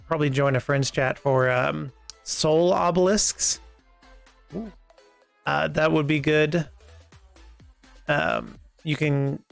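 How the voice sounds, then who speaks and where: A Canadian gaming streamer with a slightly high, creaky voice chats casually through a live game stream, rambling and making self-mocking asides. There's no echo on the recording.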